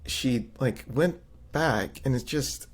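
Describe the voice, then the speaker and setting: A man co-hosting a podcast, chatting in an animated, loose way with lots of fillers. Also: medium pitch, slow pace, slightly rough. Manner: animated, many fillers, acts out quotes. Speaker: podcast co-host. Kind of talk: casual chat.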